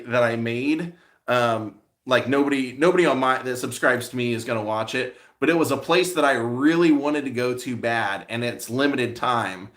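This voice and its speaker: A man talking loosely to his live-stream audience at a middle pitch, the way a vlogger catches up with regular viewers. His stories ramble and double back on themselves. He trips over his own starts before he gets to the point. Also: a bit bright. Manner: rambling storyteller with many restarts and fillers. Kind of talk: casual live-stream chat answering viewers.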